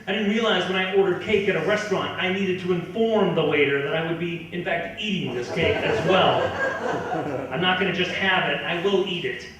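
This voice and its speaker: A middle-aged man doing a stand-up comedy set in a club, ranting and incredulous, sometimes building to a shout. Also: high voice, fairly quick, a crowd in the background. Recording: echoey club from far off.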